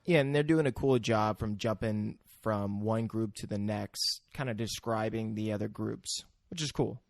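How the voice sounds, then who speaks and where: A man's voice: fairly low pitch, moderate pace, vocal fry, dry recording, studio quality. A man co-hosting a podcast, chatting casually about a film in a laid-back, rambling way. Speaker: podcast co-host. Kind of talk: casual chat.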